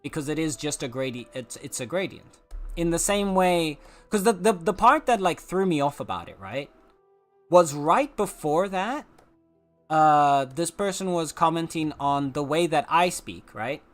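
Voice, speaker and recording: A man with a South African accent talks through his opinions in a loose, casual streamer chat, often restarting and leaning on filler words. His voice sits a little on the high side for a man, and quiet music plays faintly behind him. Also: animated, a little slow.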